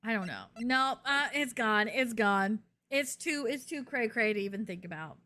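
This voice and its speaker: A woman's voice: on the high side, expressive, moderate pace, few pauses, pushed and bright. Playful, chatty woman streamer. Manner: chatty, playful, speculating aloud. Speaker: game streamer. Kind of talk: let's-play commentary.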